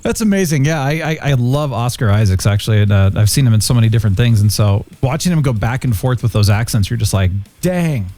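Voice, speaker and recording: A man's voice: lively intonation, fast talker, hardly any pauses, warm tone, soft background music. Upbeat jokey male show host. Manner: upbeat, jokey, with big swings in pitch. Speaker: podcast host. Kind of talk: casual review chat.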